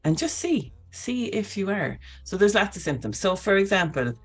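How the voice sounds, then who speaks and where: A woman, hosting a casual live talk in an animated, chatty way, often tagging on okay and right. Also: mid-range voice, normal speed, husky. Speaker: host.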